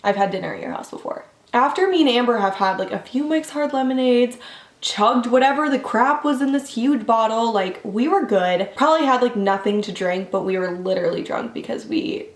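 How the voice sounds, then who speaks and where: A young woman vlogger telling a casual story in a quick, chatty way, full of fillers, jumping up in pitch when she quotes people. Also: reverberant. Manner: animated voices when quoting people.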